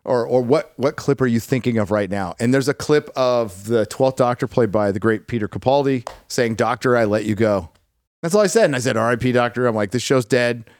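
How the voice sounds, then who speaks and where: A middle-aged man talking bluntly as a podcast guest, stumbling over the first word or two before he says exactly what he thinks. His voice sits at an ordinary middle pitch, and the recording is dry and close. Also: a little fast, darkish tone, dry recording. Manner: blunt, outspoken, repeats words when starting. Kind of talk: casual chat.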